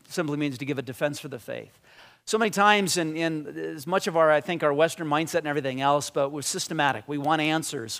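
A man preaching a sermon, animated and conversational, often restarting his sentences. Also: a little high. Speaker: pastor.

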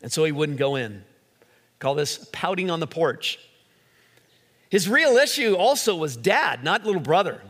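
A male pastor giving an animated sermon, acting out quotes as he preaches. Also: fairly high pitch, unhurried, pauses often. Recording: long hall reverb.

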